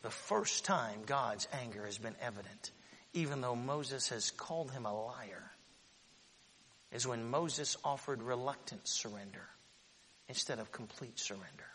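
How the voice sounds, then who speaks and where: A man in his forties preaching a sermon, swinging between shouted proclamation and quiet, close talk. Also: mid-range voice, measured pace, long reverb tail, slight background noise. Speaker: pastor.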